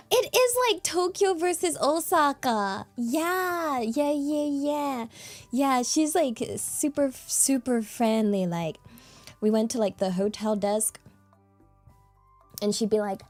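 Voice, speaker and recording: A woman's voice: high-pitched, animated, slow pace, pauses often, soft background music. Chatty young British woman streamer. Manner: chatty and giggly, full of fillers. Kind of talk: casual chat.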